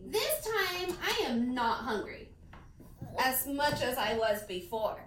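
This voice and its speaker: High-voiced woman teaching a class. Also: sing-song, slow pace, very noisy. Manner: encouraging, questioning the class. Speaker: elementary school teacher. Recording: echoey classroom, mic far off.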